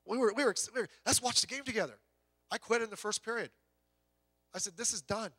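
A man's voice: high-pitched, quick pace, no room sound. A middle-aged male pastor preaching in a conversational, joking way, telling stories and acting out voices. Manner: animated storyteller, acts out voices, rising to loud exclamations. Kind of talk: conversational sermon with humor.

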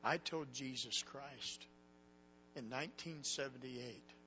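A man's voice: mid-range voice, slow pace, highs cut off, noisy background. A man preaching a sermon to young people, telling a story earnestly and with emotion. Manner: earnest and emotional, quoting others.

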